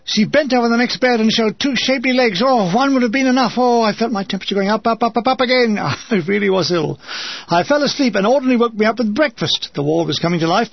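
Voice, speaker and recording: An older man reads his wartime memoir with wry, dry humour. His voice is high and husky. It is recorded close and dry on a dull lo-fi track. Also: no echo. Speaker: memoir reader. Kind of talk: reading a wartime memoir aloud.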